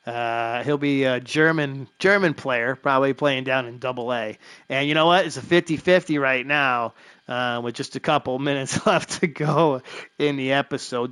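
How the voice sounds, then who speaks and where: A man's voice: mid-range voice, normal speed, a bit bright, smooth, no room sound. A man hosting a live stream of a baseball franchise game, talking loosely with lots of fillers and little chuckles. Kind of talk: casual live-stream commentary.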